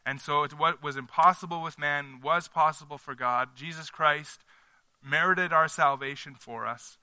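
A male pastor delivering a conversational sermon at a church service, earnest and emphatic as he thinks his points through aloud. His voice is strikingly bright and sits a little high. The sound is close and dry. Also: steady tone, normal speed, no room sound.

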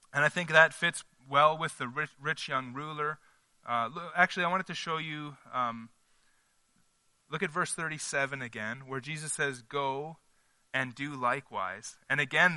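A man's voice: a little high, sharp tone, dry recording. A man preaching a conversational sermon at a church service, earnest and emphatic, working through his points as he thinks aloud. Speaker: pastor.

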